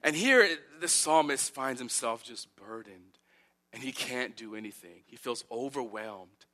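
A pastor, preaching with a bright, forceful tone. He tells a story with big swings, rising to loud emphatic peaks and then dropping to hushed asides. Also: medium pitch, lively intonation, unhurried. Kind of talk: sermon with personal story.

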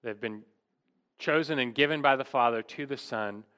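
A man's voice: medium pitch, moderate pace, sharp tone, clean tone. A man preaching an expository sermon, emphatic and full of rhetorical questions. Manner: emphatic, rhetorical questions, rising to stress key words.

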